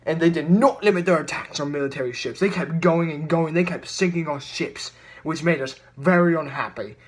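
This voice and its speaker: A man's voice: a little high, moderate pace. A teenage boy presenting a school project as a mock news report, putting on a British accent and rambling through playful asides. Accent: put-on British.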